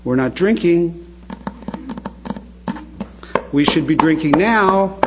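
The restless, pushy voice of an alcoholic's craving, put on by a man, low and wheedling. It nags without letting up. It sounds distant and muffled. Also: animated, a little slow, background noise. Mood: insistent. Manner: insistent, wheedling.

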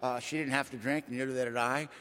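A man's voice: mid-range voice, steady tone, brisk, a bit bright. An older man speaking at a recovery meeting, with a folksy, colloquial way of talking that swells with emotion. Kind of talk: personal testimony talk. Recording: echoey hall.

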